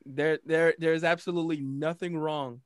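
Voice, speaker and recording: A man's voice: on the high side, steady tone, normal speed, smooth, no room sound, studio quality. A man co-hosting a podcast, making emphatic points in casual chat and often repeating himself.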